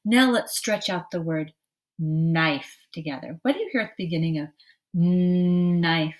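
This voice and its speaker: A woman teacher with a low-sitting, animated voice gives a slow, patient early-literacy lesson to young children, clearly stretching out the sounds of words.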